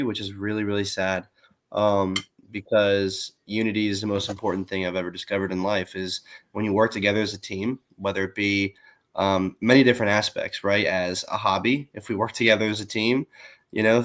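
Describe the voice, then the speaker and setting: A man who is a military veteran, speaking as a podcast guest in an earnest, reflective way with frequent ums. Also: lowish voice. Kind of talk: casual chat.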